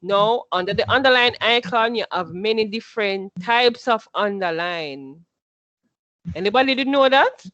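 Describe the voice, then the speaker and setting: A woman's voice: mid-range voice, animated, moderate pace, a bit bright, no room sound, lo-fi sound. A woman teaching a class, patient, who repeats her instructions and quizzes her students as she goes.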